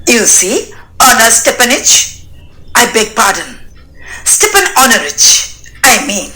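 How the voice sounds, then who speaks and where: A woman's voice: a little high, sing-song, slow pace, bright, forceful tone, full character voice, low-quality recording. A woman reading the part of a nervous, flustered young male suitor who speaks with stiff, formal politeness and stumbles over his words, in a dramatic reading of a stage play.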